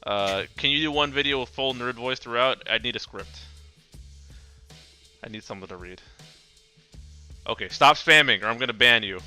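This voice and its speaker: A man's voice: medium pitch, normal speed, long pauses, sharp tone, clean tone, soft background music. A man hosting a casual gaming rant chat, joking, swearing and stammering through restarts. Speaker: podcast host.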